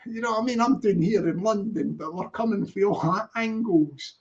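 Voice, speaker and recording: A man's voice: sits high, slow, pauses often. A Scottish man hosting a casual live stream, rambling playfully and repeating greetings to his viewers. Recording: dull lo-fi stream audio.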